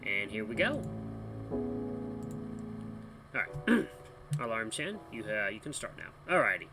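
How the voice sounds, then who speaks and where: A man hosting a let's play, chatty and animated, reading game text and the main character's lines. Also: fairly low pitch, moderate pace. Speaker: gaming channel host. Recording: background music under voice.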